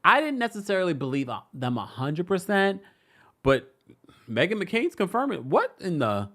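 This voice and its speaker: A woman hosting a live-stream celebrity gossip recap, hoarse, chatty and laughing often, stopping and restarting her sentences. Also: fairly low pitch, moderate pace. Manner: animated, laughing, self-interrupting.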